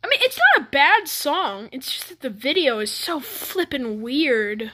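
A woman's voice: sits high, sing-song, a little slow, bright, forceful tone. A woman doing a comedic reaction to a music video, talking in bewildered, exasperated running commentary with frequent stammered restarts.

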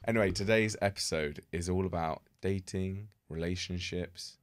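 Male podcast co-host, young adult, low voice, dry studio sound, chatty overthinker. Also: normal speed, no echo. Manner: chatty, self-deprecating, overthinking. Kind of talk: casual chat. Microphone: studio podcast mic.

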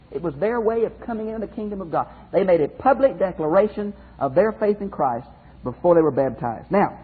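A man's voice: high voice, slightly rough. A man teaching as a pastor in a Bible study lecture, emphatic, repeating phrases and speaking straight to his listeners. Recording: phone-like narrow band audio.

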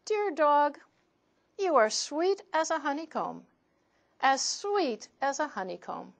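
A woman reading aloud and voicing a brave young daughter in a children's storybook, in a soft, sing-song voice. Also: high-pitched, big pitch swings, takes it slowly, creaky, pitched above the performer's own voice, exaggerated voice. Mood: tender.

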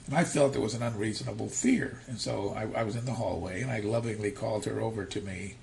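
Gravelly, animated male preacher. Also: fairly low pitch, fast, a little hiss or hum. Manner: animated storytelling, acting out quotes; dips to near-whispers, then rises to loud emphasis. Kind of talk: sermon.

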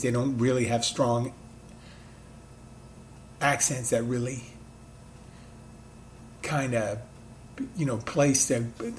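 Podcast host, male, mid-Atlantic accent with a Philly touch, rambling casual storyteller, light room hum behind. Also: mid-range voice. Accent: mid-Atlantic with a light Philadelphia touch. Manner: rambling, conversational, self-correcting asides.

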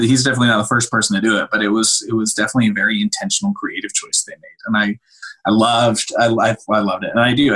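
A young man, a cinematographer, chatting casually on a podcast in an animated, emotional way with many restarts. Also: fairly low pitch, husky. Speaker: cinematographer guest.

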